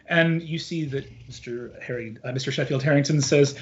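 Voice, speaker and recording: A man narrating as game master of a tabletop game, animated and prone to giggles and fillers. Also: fairly high pitch, normal speed, few pauses, lo-fi sound.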